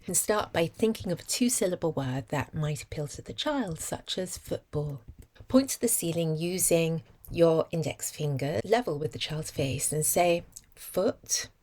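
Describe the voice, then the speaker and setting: A woman explaining phonics in a measured lesson, sounding out word parts slowly. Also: low voice, animated, darkish tone. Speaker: literacy teacher.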